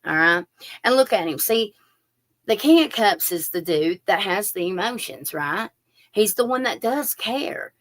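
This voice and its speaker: Speaking a bit slowly in a mid-range voice, a tarot reader chats her way through a live-stream session. She's energetic, talks right to the people watching, and leans on fillers.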